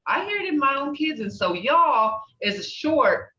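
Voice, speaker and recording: A woman's voice: high voice, big pitch swings, moderate pace, bright, forceful tone. Chatty older Oklahoma woman teaching. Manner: chatty, laughs often, acts out sounds. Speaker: language teacher. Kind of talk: casual class talk. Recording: distant, dull, roomy sound.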